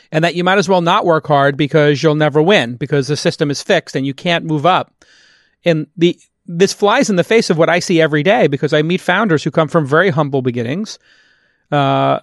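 A man from Brooklyn hosting a podcast, giving emphatic, animated opinions in casual interview talk. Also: a little high, no echo, studio quality. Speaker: podcast host. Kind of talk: casual interview and host-read ad.

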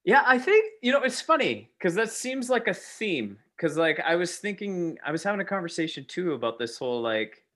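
A man's voice: high-pitched, sing-song, normal speed, few pauses, a bit bright. A man who used to be a teacher, musing in a rambling casual conversation full of filler words. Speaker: podcast co-host, former teacher.

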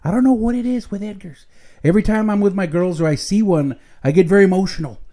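A man's voice: high-pitched, fast talker, dark tone. A middle-aged man hosting a podcast at home, chatting casually in a rambling, joking way with Spanish slang mixed in. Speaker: podcast host. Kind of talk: casual chat.

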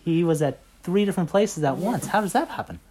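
A man leading a casual Bible study, telling stories in an animated way and filling his talk with "like" and "right?". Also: high-pitched, a little fast, husky. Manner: animated storyteller, heavy on fillers like "like" and "right?". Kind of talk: casual faith chat.

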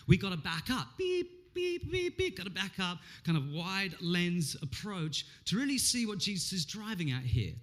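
A man in his thirties preaching a lively, humorous sermon, acting out voices and jokes as he goes. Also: sits high, moderate pace, few pauses. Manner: animated, humorous, acts out quotes. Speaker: pastor.

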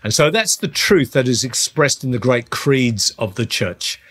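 A middle-aged man hosting a podcast, talking earnestly through a Bible teaching and slowing down on the points he wants to stress. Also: mid-range voice, lively intonation, a bit bright. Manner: earnest, slows down on key phrases. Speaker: podcast host, Christian teacher.

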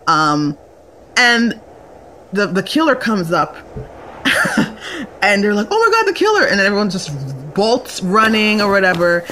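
A woman's voice: mid-range voice, background noise. A young woman hosting a solo talk show, chatting casually and rambling with frequent restarts and laughter. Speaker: solo podcast host. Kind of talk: casual chat.

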